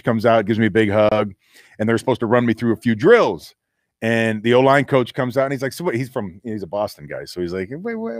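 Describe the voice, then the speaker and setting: A man's voice: mid-range voice, dry recording, clean studio sound. A middle-aged man, a former football player, telling a story in a casual interview and acting out the voices he quotes.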